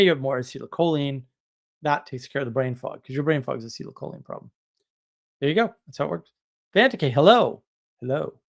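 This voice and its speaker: A man's voice: mid-range voice, creaky. Rambling, chatty male livestreamer. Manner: rambling, chatty, laughs at own stories. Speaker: livestream host. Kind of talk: casual live-stream chat.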